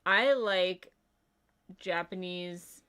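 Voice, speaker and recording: This livestream co-host speaks extremely slowly in a low-ish voice that is bright, forceful, and smooth. Her casual talk rambles with plenty of fillers and frequent "like"s as she reads out chat comments.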